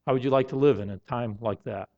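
A man preaching a sermon in an earnest tone, now and then rising to loud, emphatic outbursts. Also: medium pitch, fast talker, gravelly. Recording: dull lo-fi sound.

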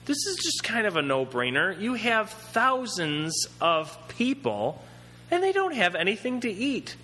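A man preaching a sermon in a conversational, animated way, acting out characters as he tells the story. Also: high voice, a little slow, long reverb tail.

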